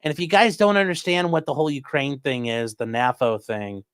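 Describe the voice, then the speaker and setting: A man's voice: fairly high pitch, brisk, smooth, no room sound, clean studio sound. A man hosting a livestream, reading viewer donations and giving casual commentary in a sarcastic, rambling way with casual swearing.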